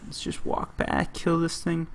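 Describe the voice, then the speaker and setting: A man's voice: on the high side, very animated, measured pace, a little hiss or hum. A man from the United States giving rambling gameplay commentary, often breaking off mid-story and leaning on "like.". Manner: rambling, self-interrupting, lots of "like". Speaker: gaming channel host.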